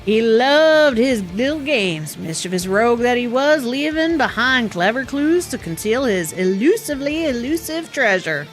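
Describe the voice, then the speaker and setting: A woman's voice: on the high side, animated, moderate pace, few pauses, soft background music, natural voice. A woman voicing a boisterous old male pirate captain, in a hearty drawling pirate manner, reading game dialogue aloud. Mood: boastful.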